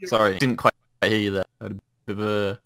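A man's voice: fairly low pitch, level tone, quick pace, no echo. A man streaming an online shooter, trash-talking his friends with sarcastic, irritable banter. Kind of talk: casual gaming banter. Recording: loud game gunfire behind voice.

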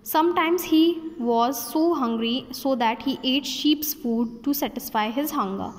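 A woman teacher reads a story aloud to her class. Her reading is slow, with small slips and restarts. Her voice is slightly high and carries a long hall reverb.

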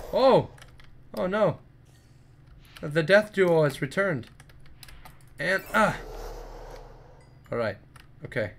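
Gravelly-voiced man narrating gameplay. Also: a little high, slight background noise. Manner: excitable, yelps and sound effects in fights. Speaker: let's play gamer. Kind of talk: gameplay commentary.

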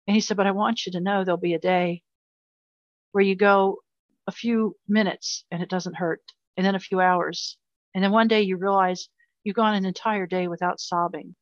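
A woman's voice: mid-range voice, steady tone, normal speed, no room sound, muffled recording. An older woman telling a painful personal story in an interview, earnest and emotional, often repeating herself. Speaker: guest.

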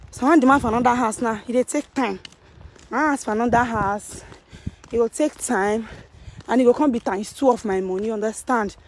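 A woman's voice: fairly high pitch, slight background noise. A woman with a Nigerian Pidgin accent, ranting heatedly on a live stream from her phone out on the street, repeating herself as she goes. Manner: heated, repetitive, confrontational. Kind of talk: casual live-stream rant. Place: outdoors on a street.

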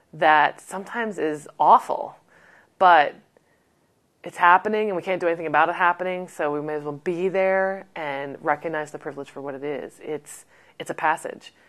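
A woman who works in palliative care, earnestly reflecting on being present at a child's end of life. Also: on the low side. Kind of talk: documentary interview.

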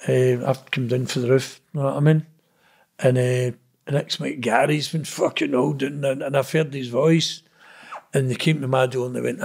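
A man's voice: mid-range voice, fairly even intonation, normal speed, vocal fry, a little mellow, breathy edge. A middle-aged Glaswegian man telling stories in a blunt, sweary, rambling way, often adding "know what I mean". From Scotland. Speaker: interview guest. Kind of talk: casual storytelling.

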